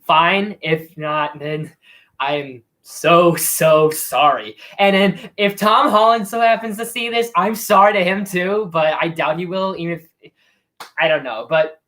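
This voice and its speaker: A man's voice: high voice, fairly even intonation, measured pace, pushed and bright. A man hosting a casual live Q&A stream, rambling and self-deprecating with frequent restarts. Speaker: YouTube host.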